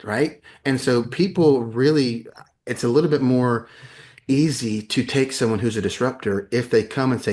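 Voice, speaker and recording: A man's voice: mid-range voice, normal speed, darkish tone. A man talking as a guest in a conversational interview, emphatic and often repeating words as he builds his points. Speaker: podcast guest, educator.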